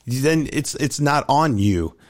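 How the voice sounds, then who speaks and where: Male podcast co-host, coach, casual storyteller, mid-pitch voice. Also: takes it slowly. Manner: storytelling, quotes others in animated voice. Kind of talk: casual chat.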